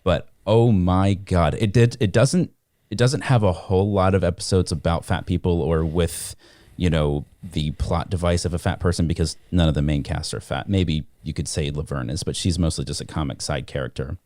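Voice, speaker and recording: A man with a very low voice chats loosely on a podcast, laughing easily and wandering into tangents. The sound is dry and close. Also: fairly even intonation, normal speed, dark tone, no room sound. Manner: chatty, laughs often, trails off into asides. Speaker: podcast co-host. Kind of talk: casual chat.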